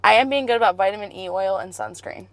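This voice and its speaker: A woman's voice: medium pitch, quick pace, a bit bright, dry recording. A young woman with a Midwestern American accent, co-hosting a casual chat in a car, bubbly and full of filler words.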